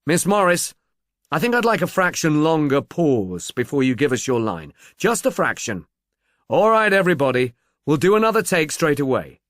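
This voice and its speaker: A man voicing a brisk, commanding film director giving notes on set. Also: a little high, sing-song, fairly bright tone, dry recording, studio quality. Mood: pleased.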